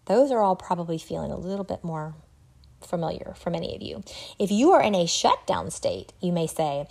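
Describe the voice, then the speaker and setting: A middle-aged woman hosting a solo podcast, talking in an earnest, reflective way with an occasional soft laugh. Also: on the low side, lively intonation, normal speed. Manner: earnest, reflective, laughs softly now and then. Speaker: podcast host. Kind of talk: solo podcast talk on wellbeing.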